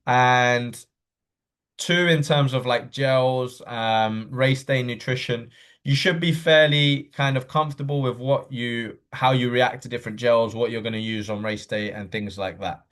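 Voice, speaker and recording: A man coaching runners in a live online session, talking quickly and casually with fillers and frequent okays. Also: medium pitch, steady tone, fairly bright tone. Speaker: running coach. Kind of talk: live online workshop talk.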